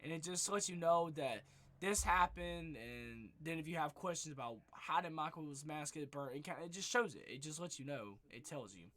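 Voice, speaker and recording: A young man talks through a movie in a loose, rambling way, stringing thoughts together with "just" and "like" and swearing freely. His voice sits a little high and sounds bright and forward. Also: lively intonation, moderate pace. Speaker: movie reviewer. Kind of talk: casual spoiler recap.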